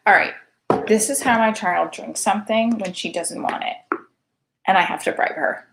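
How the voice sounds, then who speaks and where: A woman's voice: lowish voice, fairly even intonation, unhurried, gravelly. A woman in her thirties hosting a casual late-night livestream show, chatty and self-deprecating and sounding tired. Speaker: show host.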